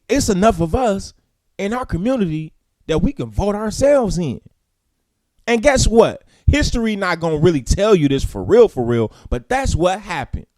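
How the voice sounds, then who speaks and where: Male morning host, fired-up preacher cadence, lively pitch swings, fairly high voice, close and dry. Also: dry recording. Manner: preacherly, emphatic, rising to loud peaks then dropping low. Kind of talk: impassioned commentary and news reading.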